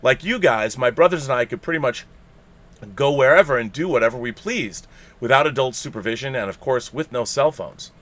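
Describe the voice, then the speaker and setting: A male podcast host reads a listener's letter aloud in a playful, theatrical manner, laughing now and then. His voice sits at an ordinary middle pitch. It is the relaxed reading of a live-streamed show. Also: fairly quick.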